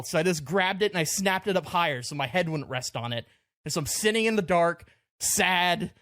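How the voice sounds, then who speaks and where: A man co-hosting a podcast, telling a story in casual chat, animated and laughing at himself. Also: sits high, moderate pace, dry recording. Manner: animated, laughs through his own stories. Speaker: podcast co-host. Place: podcast studio.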